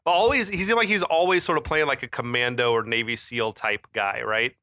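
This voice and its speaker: Bright-voiced man chatting on a podcast. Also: mid-range voice, fairly quick, no echo, studio quality. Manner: chatty, laughs often, many fillers. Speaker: podcast co-host. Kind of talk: casual chat.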